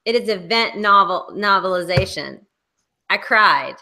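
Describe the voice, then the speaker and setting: A woman's voice: medium pitch, animated, measured pace, sharp tone. A woman with a Southern American accent, co-hosting a casual book club chat, opinionated and chatty, laughing often. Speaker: podcast co-host.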